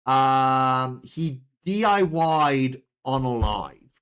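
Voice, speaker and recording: Animated man streaming a game. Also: mid-range voice, extremely slow, smooth. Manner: rambling, many restarts and laughs. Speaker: streamer host. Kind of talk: casual let's play commentary.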